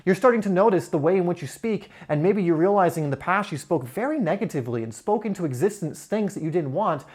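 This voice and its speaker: A man's voice: high-pitched, lively intonation, fast, darkish tone. A man speaking straight to camera in a motivational self-help talk, enthusiastic and conversational, with frequent "you know" fillers. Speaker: spiritual self-help creator.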